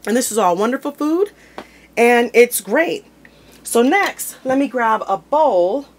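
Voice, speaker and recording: A woman's voice: a little high, expressive, slow, a little hiss or hum. A woman hosting a home cooking video, talking casually and informally while she opens jars and plates food in her kitchen. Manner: chatty and informal, talks while handling food.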